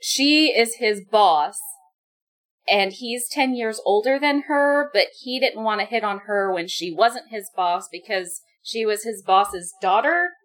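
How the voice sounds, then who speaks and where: A woman's voice: mid-range voice, animated, unhurried, fairly bright tone, low-quality recording. A woman co-hosting a podcast, chatting bluntly about a romance book and laughing with friends. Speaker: podcast co-host. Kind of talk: casual book chat.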